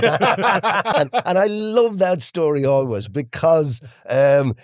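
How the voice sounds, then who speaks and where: A man's voice: a little high, slow, dry recording, studio quality. An Irish man, a podcast co-host, telling an anecdote in casual chat and acting out the quotes with laughter. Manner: animated storyteller, acts out quotes with laughs.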